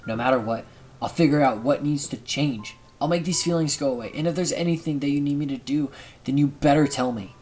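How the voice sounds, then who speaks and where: A man's voice: on the high side, brisk, darkish tone, faint music behind, pitched above the performer's own voice, close to an everyday voice. Earnest teenage boy protagonist, pleading, caring, read by a man, visual novel game. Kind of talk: reading game dialogue aloud.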